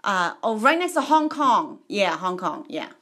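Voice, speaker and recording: A woman casually retelling a movie, rambling and animated and adding her own sound effects. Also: medium pitch, a little slow.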